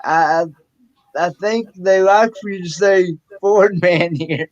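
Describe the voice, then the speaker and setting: Slow, hesitant man on a dull line. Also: high-pitched, darkish tone, dry recording. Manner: hesitant, chuckling. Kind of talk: casual chat.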